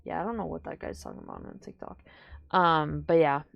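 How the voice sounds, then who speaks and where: A young woman streaming from home, chatting casually to her viewers and often trailing off into low mumbled asides. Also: fairly quick, gravelly, dry recording, lo-fi sound. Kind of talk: casual live-stream chat.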